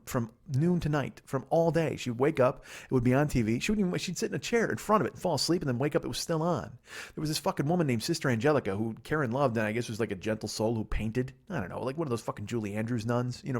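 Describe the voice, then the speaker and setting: Fast-talking, profane male comedian. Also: mid-range voice. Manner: profane, rambling, sardonic. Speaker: comedian podcast host. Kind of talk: rambling comedic podcast monologue. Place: guest room in a friend's house.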